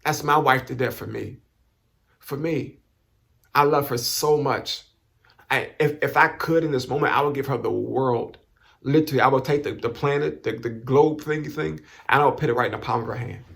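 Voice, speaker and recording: A man with a rough, gravelly edge to his voice talks straight to camera. He stops and restarts often and repeats words as he works through strong feeling. He sounds close to tears, his pitch sitting in the middle range. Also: fairly quick, fairly bright tone. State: emotional, near tears. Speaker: vlogger giving thanks. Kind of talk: emotional personal talk to camera.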